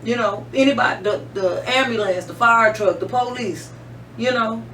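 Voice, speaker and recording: A woman hosting a talk radio show, speaking earnestly and haltingly with many fillers. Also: fairly high pitch, a bit bright. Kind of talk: casual talk radio chat. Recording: roomy, distant mic with faint hum.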